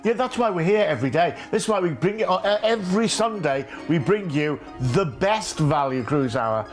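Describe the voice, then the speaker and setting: A man presenting a live TV sales pitch, gushing and repeating prices and phone numbers. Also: lively intonation, moderate pace, faint music behind. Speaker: TV shopping presenter.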